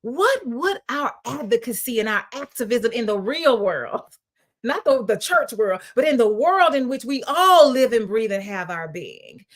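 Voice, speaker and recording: A woman's voice: fairly high pitch, sing-song, measured pace. A woman reverend and host preaching conversationally on a Bible passage, emphatic and colloquial, firing off rhetorical questions. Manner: colloquial, with repeated restarts.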